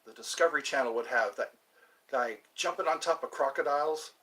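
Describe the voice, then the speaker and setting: A man's voice: mid-range voice, fairly quick, bright, forceful tone. A man hosting his own channel, chatting casually and meandering from topic to topic. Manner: meandering, chatty, puts on playful voices. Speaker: channel host. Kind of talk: rambling casual vlog chat.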